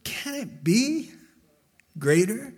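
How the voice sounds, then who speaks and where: A man preaching a sermon as a pastor, emphatic and slow, with dramatic pauses between phrases. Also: extremely high pitch, sing-song, darkish tone, husky.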